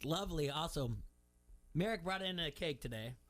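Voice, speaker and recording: A man's voice: fairly high pitch, lively intonation, moderate pace, fairly bright tone, dry recording. A man hosting a sports radio show who tells long, rambling stories and laughs often. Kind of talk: casual chat.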